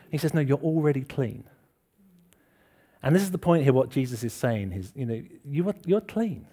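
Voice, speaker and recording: A man's voice: medium pitch, animated, a little fast, mellow, husky. A man preaching a casual, chatty sermon to a congregation, asking them questions and joking about himself. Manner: chatty, self-deprecating, asks the congregation questions. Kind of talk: informal church sermon. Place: church hall with congregation.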